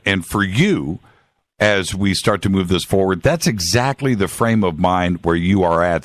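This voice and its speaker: A man's voice: low voice, no room sound. A man hosting a talk show interview, speaking emphatically and often checking in with his listener. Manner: emphatic, keeps checking in with "right?".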